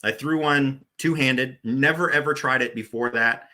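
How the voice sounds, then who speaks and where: Bright-voiced man in his forties telling stories. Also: mid-range voice, normal speed. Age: 40s. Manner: rambling, many restarts and "uh" fillers. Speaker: podcast guest, former bowling tournament director. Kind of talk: casual storytelling interview.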